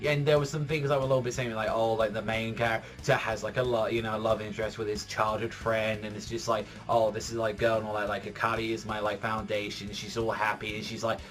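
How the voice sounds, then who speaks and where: A man's voice: fairly low pitch, flat delivery, fast talker, hardly any pauses, a bit bright. A man giving a casual, rambling spoken review of a manga chapter, filling his talk with "like" and swearing freely. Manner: rambling, heavy use of "like", swearing.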